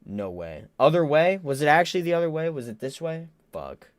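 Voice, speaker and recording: A young man chats casually on a live stream, rambling, stammering and cracking blunt jokes as he reacts to viewers. His fairly high voice is very animated and a little fast, with no echo.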